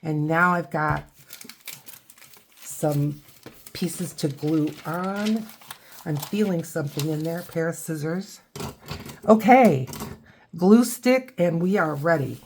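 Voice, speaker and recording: A woman's voice: sits low, slow pace, long pauses, a little mellow, slight background noise. An older woman from the Midwest, chatting casually as she walks through a craft tutorial, rambling and correcting herself as she goes. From Ohio and Michigan, USA. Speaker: craft channel host.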